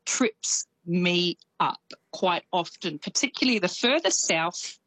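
A woman's voice: fairly low pitch, takes it slowly, few pauses, husky, no echo, poor audio. A woman from Australia with a slight New Zealand lilt, chatting as a radio correspondent. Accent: Australian with some New Zealand. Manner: chatty, animated, laughs easily.

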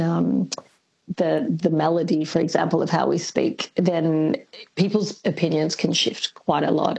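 A woman, a linguist, answering questions on a radio interview in a thoughtful, hesitant way with frequent pauses. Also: on the low side, vocal fry, a little mellow, slightly rough, low-quality recording. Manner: thoughtful, hesitant with many ums. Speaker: linguist guest.

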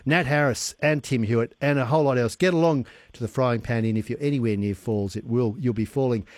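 A man's voice: mid-range voice, brisk, dry recording. A man hosting a radio show, chatting loosely and laughing along. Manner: warm-hearted rambling, laughs along. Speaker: radio host. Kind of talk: casual radio chat. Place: radio studio.

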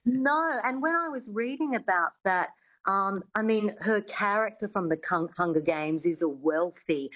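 A woman's voice: medium pitch, expressive, measured pace, a bit bright, lo-fi sound. A woman coach, a radio interview guest explaining at length with many fillers. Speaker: accent coach.

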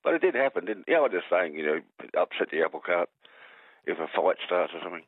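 A man's voice: deep voice, lively intonation, fast talker, dry recording. An Australian man calling in to a radio show, rambling and joking, tripping over his words. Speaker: caller. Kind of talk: rambling talkback phone call. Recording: tinny phone line.

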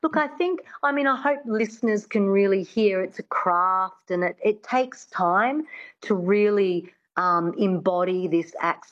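A woman's voice: mid-range voice, lively intonation, a little slow, fairly bright tone, muffled recording. A woman speaking as an accent coach in a radio interview, explaining her craft earnestly and circling back to rephrase.

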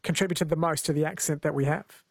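A man's voice: fairly high pitch, fairly even intonation, fast talker, gravelly, no room sound. A man from New Zealand hosting a radio interview, asking layered, curious questions. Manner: inquisitive, asks layered questions. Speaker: radio host.

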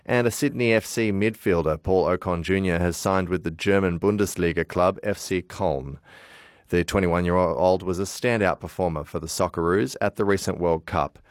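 A man reading a radio news bulletin in a steady, formal delivery. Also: sits low, normal speed, no room sound, clean studio sound. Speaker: newsreader.

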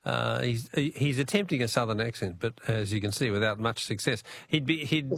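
A man's voice: mid-range voice, a little fast, creaky, no echo. A man with an Australian accent hosting a casual talkback radio quiz, chuckling as he reads out listener messages.

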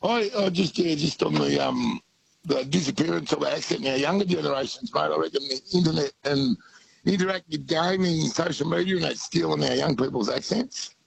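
A man's voice: fairly high pitch, a little fast, gravelly, crowd noise, rough recording. A man with an Australian accent calling a radio show, chatty and folksy. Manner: folksy, chatty, says mate. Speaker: caller. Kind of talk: casual phone-in chat.

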